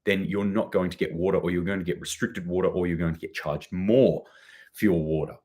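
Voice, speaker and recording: A man's voice: low-pitched, steady tone, fairly quick, darkish tone. A young man hosting a preparedness news show in casual, rambling commentary, his voice a bit worn from a recent cold. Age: young adult. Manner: rambling, swears casually, self-deprecating asides. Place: chilly new home office.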